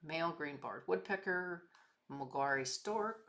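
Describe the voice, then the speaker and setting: A woman's voice: deep voice, lively intonation, a little slow, vocal fry, fairly bright tone. A woman photographer chatting casually as she edits her photos, muttering names to herself between chatty asides. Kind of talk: casual chat while working.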